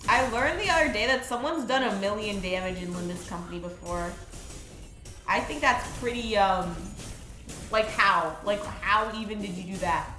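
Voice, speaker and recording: A young woman streaming a game, chatting in an excitable, rambling way with lots of fillers. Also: medium pitch, normal speed. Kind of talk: casual live-stream chat. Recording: roomy echo with faint music.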